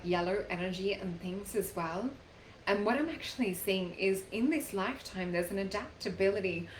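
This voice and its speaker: A woman hosting a live psychic reading show, talking gently and casually with lots of fillers like "like" and "um". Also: medium pitch. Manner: gentle, chatty, many fillers like "like" and "um". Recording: echoey room, faint background noise.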